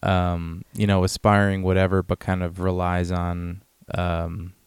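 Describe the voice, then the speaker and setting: Man, podcast co-host, low voice, rambling casual talk. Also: measured pace, clean tone, no room sound. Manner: relaxed, rambling, many fillers. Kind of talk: casual film discussion.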